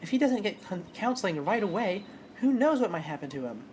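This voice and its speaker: Brief: a woman playing an older male judge, fussy and musing, lively pitch. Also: fairly quick, slight background noise, close to an everyday voice.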